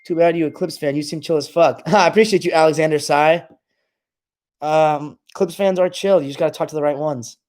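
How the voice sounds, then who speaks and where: A man's voice: on the high side, brisk, a little mellow. A young man hosting a casual live stream, reading comments aloud and trash-talking his viewers.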